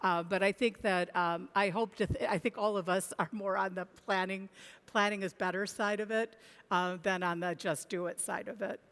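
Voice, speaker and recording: Woman, analyst on a panel, halting and thoughtful, long hall reverb. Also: mid-range voice, fairly even intonation, fairly bright tone. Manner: thoughtful, many restarts and fillers. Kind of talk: conference panel discussion. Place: conference stage.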